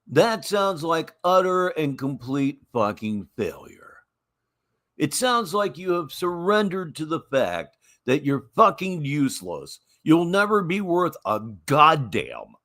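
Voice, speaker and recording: A man with a sardonic, mocking delivery talks over video clips, his pitch jumping all over between loud jabs and quiet asides. He sounds like a host running a running commentary. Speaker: show host reacting to clips.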